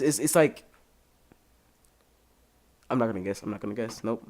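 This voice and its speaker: A man's voice: mid-range voice, fairly quick, long pauses. A young man hosting a podcast in casual chat, rambling and swearing freely. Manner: animated, profane, rambling. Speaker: podcast host.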